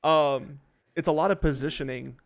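A man's voice: fairly high pitch, steady tone, normal speed, creaky. A man hosting a casual chat on a video call, explaining things in a loose, rambling way. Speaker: host.

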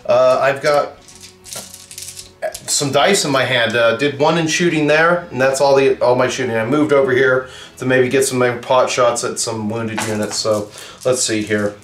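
A man's voice: medium pitch, moderate pace, soft background music. A man hosting a tabletop battle report, joking and swearing while he rolls dice. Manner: profane, joking, excitable. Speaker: tabletop game player and channel host. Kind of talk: casual battle report banter. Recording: echoey room.

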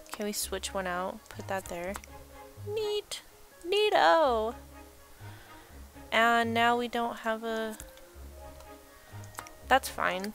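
A young woman giving casual, rambling let's-play commentary while she builds, chatting and laughing at herself. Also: mid-range voice. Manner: chatty, rambling, self-deprecating, laughs often.

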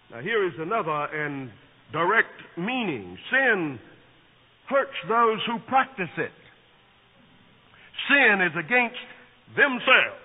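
A man preaching a sermon, swinging from hushed, quiet passages to shouted peaks. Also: high voice, animated, a little slow. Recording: tinny lo-fi recording in an echoing hall.

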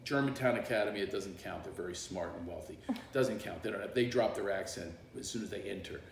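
A man's voice: lowish voice, fast. Middle-aged philly guy rambling through stories on a live stream, laughs a lot, kinda echoey office, faint hum behind. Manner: chatty and rambling, laughs often. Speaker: comedian and coach hosting a livestream. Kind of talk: casual storytelling on a livestream. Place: small office.

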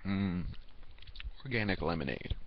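A teenage boy talking casually to the camera as a video reviewer, rambling and halting, with lots of fillers and restarts. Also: low voice, lively intonation, noisy background. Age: teens. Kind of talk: casual vlog talk to camera. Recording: dull lo-fi home recording.

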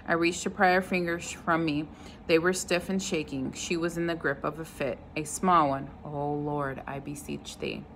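Woman reader, low voice, steady read-aloud of a novel. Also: a little hiss or hum, low-quality recording. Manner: unhurried, stops to comment on the story.

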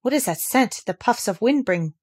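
A woman's voice: a little high, animated, moderate pace, a little mellow, breathy edge, pitched above the performer's own voice. A woman reading aloud and voicing a frail young boy in a wheelchair, gasping out eager, breathless questions. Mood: wondering.

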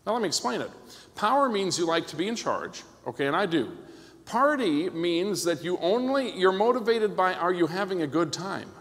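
Animated joking pastor in a reverberant hall. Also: male voice, fairly high pitch, a little fast. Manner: animated and joking, keeps asking "okay?". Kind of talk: conference sermon. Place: church hall.

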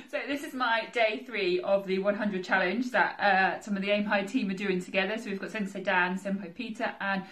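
A woman's voice: mid-range voice, moderate pace, a bit bright. A woman vlogging her workout, out of breath, laughing nervously as she counts her reps. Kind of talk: casual workout vlog. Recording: roomy echo, voice a little far from the mic.

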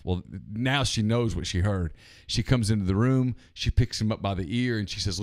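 A man co-hosting a late-night sports call-in show, talking casually and telling a long joke at a deliberate pace. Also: lowish voice, a little mellow, no echo, studio quality. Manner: deliberate, drawn-out storyteller. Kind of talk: casual chat.

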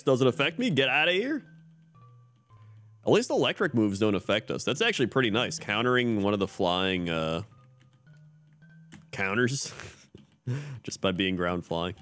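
Laid-back man with a low voice. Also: a bit bright. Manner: laid-back, wry, muttering reactions. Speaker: streamer. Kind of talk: live game commentary.

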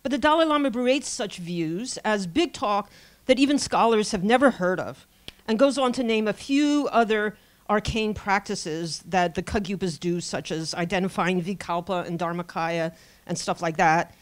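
A woman delivers an academic talk from a podium, at a middle pitch that sits neither high nor low. Her pacing is measured and scholarly, broken by small fillers and self-corrections as she works through dense material. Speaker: academic lecturer. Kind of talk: conference lecture.

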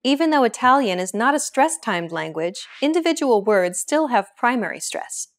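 A young adult woman hosting a language lesson, explaining in a clear, measured scripted way. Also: fairly high pitch, big pitch swings.

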